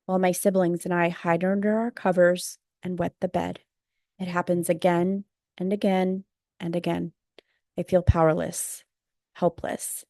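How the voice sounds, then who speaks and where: A woman with a lowish voice reads a memoir aloud in a measured, subdued way. Her delivery stays flat with little melody. The sound is dry and close, with no room around it. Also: no room sound. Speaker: audiobook narrator. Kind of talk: memoir audiobook narration.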